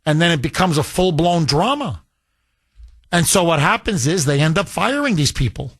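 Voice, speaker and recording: A man on talk radio, his voice pitched high for a man, with a dry, close studio sound. He rants emphatically, circles back over his points and mocks people in put-on voices. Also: animated, normal speed, a bit bright, dry recording. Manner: emphatic, repeats himself, mocking put-on voices.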